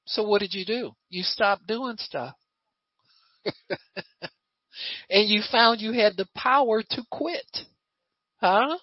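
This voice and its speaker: Woman preacher, animated pitch, breathy edge, dull muffled recording. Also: takes it slowly, pauses often, no echo. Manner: lively, conversational preaching with rhetorical questions. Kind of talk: sermon.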